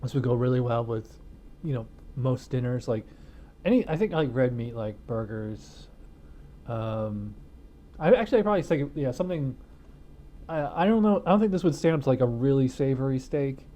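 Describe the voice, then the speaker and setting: A man's voice: medium pitch, lively intonation, moderate pace, mellow. A middle-aged man reviewing a beer on his own channel, talking in a loose, rambling way with lots of fillers. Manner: rambling, filler-heavy, laid-back. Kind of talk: casual chat.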